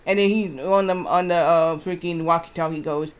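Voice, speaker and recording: A man streaming live, chatting casually and reading aloud haltingly with lots of fillers. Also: a little high, fairly even intonation, smooth. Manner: rambling, reads aloud haltingly with many fillers.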